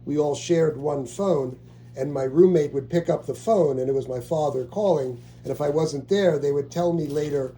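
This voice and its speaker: A man's voice: a little high, moderate pace, dark tone, a little hiss or hum. A middle-aged man in casual family conversation, asking about a relative and rambling through restarts and fillers.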